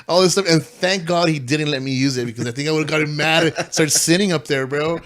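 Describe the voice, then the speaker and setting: A man who is a pastor, telling stories in a casual podcast chat, slangy and animated, saying "bro" and "dude". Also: fairly high pitch, fairly quick, hardly any pauses.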